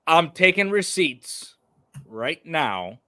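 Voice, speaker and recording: A male co-host in a casual sports talk show, arguing back and defending his picks. His voice is bright and lively, a bit high for a man. The sound is dry and close. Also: slow, dry recording. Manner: argumentative, defensive.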